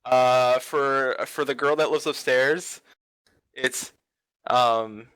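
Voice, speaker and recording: A man's voice: mid-range voice, little pitch movement, takes it slowly, fairly bright tone, clear, resonant tone. A streamer on a gaming roundtable, a playful man who giggles and likes doing funny voices. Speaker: streamer and panelist. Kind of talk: casual gaming roundtable chat.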